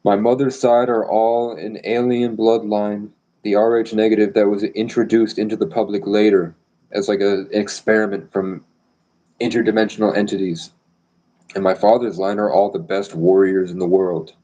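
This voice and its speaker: Low-voiced, boastful rambling man. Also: level tone, normal speed, warm tone, lo-fi sound. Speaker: live streamer. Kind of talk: rambling live-stream monologue.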